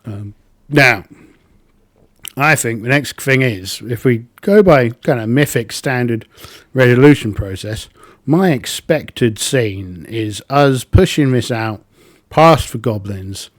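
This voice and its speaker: A man's voice: mid-range voice, slow pace, dry recording. A man narrating his solo tabletop game, thinking aloud with plenty of ums.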